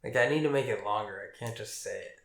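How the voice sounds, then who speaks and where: A man's voice: lowish voice, fast, fairly bright tone. A young man co-hosting a podcast in casual chat, laid-back, laughing often and swearing freely. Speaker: podcast co-host. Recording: echoey room.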